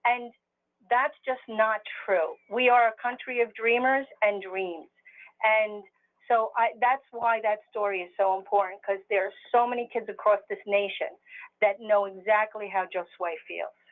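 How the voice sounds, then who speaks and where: A woman's voice: medium pitch, steady tone, unhurried. A woman telling a heartfelt personal story in an earnest way, speaking on a webinar. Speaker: webinar presenter. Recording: phone-line audio.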